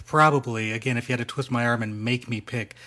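Male podcast host; calm, considered delivery, mid voice, builds his points slowly. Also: medium pitch. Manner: measured, thoughtful, repeats words as he builds a point. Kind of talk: casual chat.

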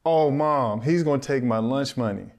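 A man in his thirties, a podcast co-host and former football player, telling an animated story, acting out the voices of the people in it and laughing often. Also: mid-range voice, moderate pace, a little hiss or hum.

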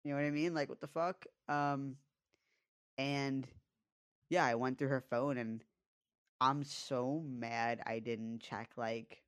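A young man co-hosting a podcast tells a personal story in a casual, confessional style, full of fillers and swearing. His medium-pitched, smooth voice holds a steady tone at a slow pace with long pauses, and there's no echo.

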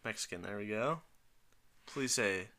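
A man's voice: lowish voice, unhurried, sharp tone. A young man co-hosting a podcast in casual chat, joking and thinking aloud as he orders food. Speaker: podcast co-host.

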